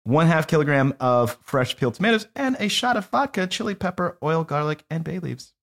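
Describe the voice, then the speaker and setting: A young man co-hosting a casual food chat, playful and animated as he tells stories. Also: fairly high pitch, brisk. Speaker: podcast co-host.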